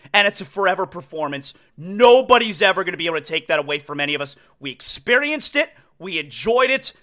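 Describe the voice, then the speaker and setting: A man hosting a sports talk podcast, his voice very high and bright. He talks with raw emotion and keeps stumbling over repeated words. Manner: emotional, stammering restarts. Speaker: podcast host. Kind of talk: excited solo sports talk.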